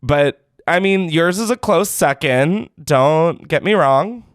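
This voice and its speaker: A man's voice: on the high side, expressive, slow pace, no room sound, clean studio sound. A man hosting a call-in podcast, joking and swearing in disbelief, often breaking into laughs. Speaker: podcast host. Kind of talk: casual call-in chat.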